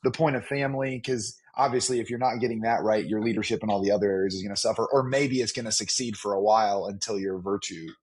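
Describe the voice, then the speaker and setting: A man's voice: fairly low pitch, fairly even intonation, quick pace, few pauses, slightly rough. A man in his thirties co-hosting a podcast, musing reflectively in casual chat with stammered starts. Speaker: podcast co-host.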